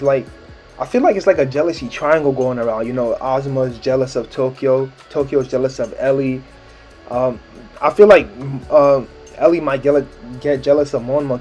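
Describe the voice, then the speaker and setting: A man talks through a manga chapter in a relaxed, slangy way, breaking into laughs now and then. His voice is dark and mellow, recorded on a dull lo-fi mic with faint music underneath. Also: medium pitch. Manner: laid-back slangy talk with frequent laughs. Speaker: manga chapter recap host. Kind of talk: casual spoken recap.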